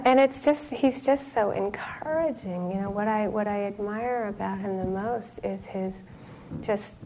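A middle-aged woman teaching meditation in an easy, conversational dharma talk. Her voice sits at an ordinary pitch and often falls to a gentle near-whisper. A faint hiss of noise lies under the recording. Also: gravelly, low-quality recording. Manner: gentle and conversational, with frequent laughter and soft whispered asides.

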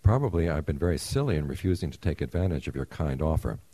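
A man's voice: rumbling low, expressive, fast talker, dark tone, dry recording. A man voicing a small, humble human embryo in a fable, pleading earnestly and modestly.

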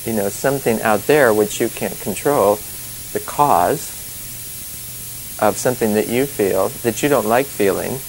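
A man's voice: on the low side, a little mellow, low-quality recording. A male meditation teacher talks loosely and conversationally, stopping often to chuckle and check in with "you see?" His speech wanders and restarts. A faint hiss sits under the recording. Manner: chatty, rambling, laughs often, many "you know" and "you see" asides. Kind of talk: informal dharma talk.

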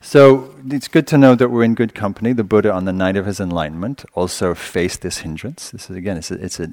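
Deep-voiced man giving a dharma talk. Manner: gentle, conversational, searching for words. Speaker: meditation teacher.

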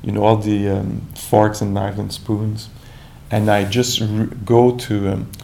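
A man speaks as a meditation teacher, his voice gravelly and warm in tone. His talk is calm and reflective, full of pauses, restarts and gentle asides. A faint low rumble sits behind him. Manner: calm, reflective, searching with many restarts and "you know". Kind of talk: dharma talk.

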